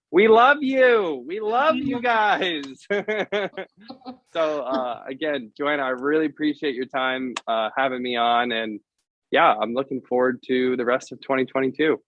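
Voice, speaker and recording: A man speaking as a vendor guest in a casual video interview, giving an upbeat sales pitch and spelling out web addresses. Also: fairly bright tone. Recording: dull, dry lo-fi audio.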